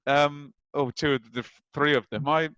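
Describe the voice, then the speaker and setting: Lively man telling stories, dry sound. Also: fairly high pitch, moderate pace, dry recording, lo-fi sound. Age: 30s. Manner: animated, acts out quoted lines. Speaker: guest. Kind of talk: anecdotal storytelling.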